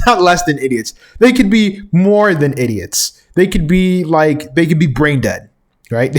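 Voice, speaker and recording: A man hosting a reaction commentary, ranting indignantly and correcting himself with quick chuckles. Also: a little high. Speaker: commentary host.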